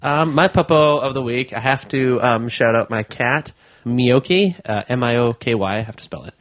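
A man's voice: medium pitch, moderate pace. A man from Canada chatting casually and playfully on a podcast, laughing often and slipping into silly voices when telling stories. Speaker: podcast guest, comedian. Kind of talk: casual chat.

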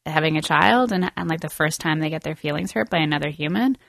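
A woman's voice: low voice, quick pace, vocal fry, a bit bright, dry recording, clean studio sound. Chatty woman telling a funny story. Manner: storytelling, self-deprecating, laughs often. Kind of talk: comedic casual chat.

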